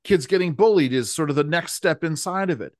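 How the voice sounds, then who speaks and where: A man's voice: a little high, animated, brisk, no room sound, studio quality. A man co-hosting a political podcast, talking emphatically and driving the conversation. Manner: emphatic, rising to anger. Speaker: podcast co-host.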